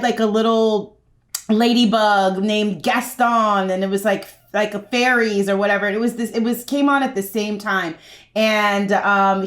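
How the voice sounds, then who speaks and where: A woman co-hosting a casual podcast, talking chattily with many fillers. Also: mid-range voice. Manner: chatty, lots of fillers and likes. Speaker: podcast co-host. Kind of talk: casual chat. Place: indoors in a child's room.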